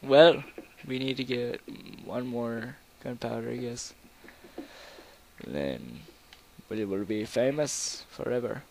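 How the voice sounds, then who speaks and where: A young man commentating a video game in a casual, rambling, goofy way, with sudden loud outbursts. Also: mid-range voice, expressive, takes it slowly, gravelly, a little hiss or hum. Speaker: gameplay commentator.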